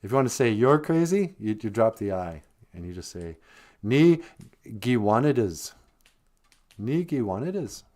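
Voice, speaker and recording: A man's voice: lowish voice, sing-song, fairly quick, darkish tone. A man hosting a casual podcast, musing aloud and repeating words so listeners can learn them. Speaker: podcast host. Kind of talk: casual podcast chat teaching language words.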